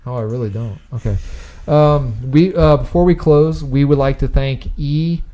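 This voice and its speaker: Man, podcast host, mellow warm voice, rambling, excitable, casual basement chat. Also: medium pitch, moderate pace, dull audio. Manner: rambling and excitable, laughs often. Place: parents' basement.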